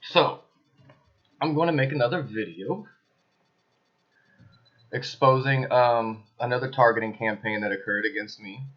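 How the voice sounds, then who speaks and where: A man's voice: mid-range voice, a little slow, long pauses, lo-fi sound. A man talking to camera in his apartment, in a casual, emphatic and accusatory monologue with suspicious asides. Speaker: video blogger.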